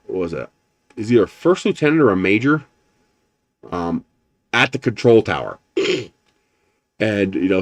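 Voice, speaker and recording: A man's voice: fairly low pitch, no room sound. Rambling, casual male streamer. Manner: rambling storyteller, swears casually; chuckles often while talking. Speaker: live streamer. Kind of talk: casual chat.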